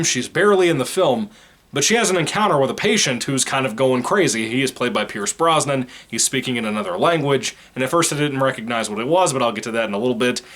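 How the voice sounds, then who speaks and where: A man's voice: medium pitch, a bit bright. Blunt, profane male movie reviewer. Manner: blunt, profane, opinionated rambling. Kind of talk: casual spoken film review.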